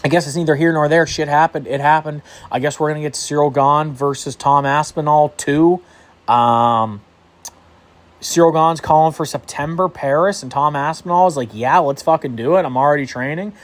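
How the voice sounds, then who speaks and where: Young male vlogger, slightly high voice, fiery profane rant, casual recap delivery. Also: moderate pace. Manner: heated, profane ranting. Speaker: MMA commentator vlogger.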